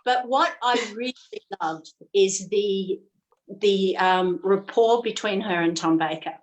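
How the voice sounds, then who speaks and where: A woman co-hosting a podcast in casual chat, enthusiastic, acting out lines in a higher voice. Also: takes it slowly, lo-fi sound. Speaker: podcast co-host.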